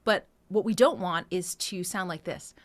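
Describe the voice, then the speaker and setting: A woman's voice: fairly low pitch, moderate pace. Woman vocal coach explaining breathing. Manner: explanatory, breaks into sung demonstrations, laughs lightly. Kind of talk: singing lesson, speaking and demonstrating sung lines.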